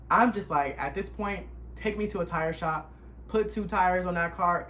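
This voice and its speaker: A young man, retelling a stressful road trip in an animated, emotional storytime vlog. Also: mid-range voice, slight background noise. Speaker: vlogger. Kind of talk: casual storytime.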